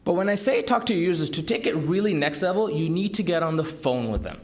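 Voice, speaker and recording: A man giving a business talk to an audience, with an emphatic, lively delivery and rhetorical questions. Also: fairly high pitch, quick pace. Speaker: entrepreneur speaker. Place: conference room.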